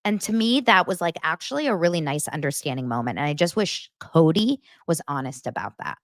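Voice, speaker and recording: A woman hosting a podcast, recapping reality TV in a blunt, animated and profane way. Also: sits low, a little fast, hardly any pauses, dry recording, studio quality. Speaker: podcast host.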